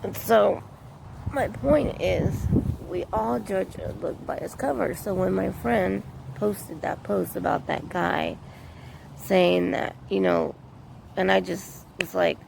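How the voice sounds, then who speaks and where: A woman vlogger rambles earnestly through her opinions, circling back to the same points. Her voice is heavily gravelly, full of fry. The recording is noisy, with street and vehicle sounds behind her outdoors. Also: medium pitch, slow, a little mellow. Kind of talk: casual opinion monologue.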